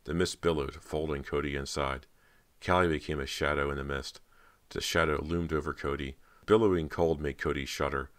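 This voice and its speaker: A man narrating a horror audiobook in a steady, measured storytelling style. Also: a bass voice.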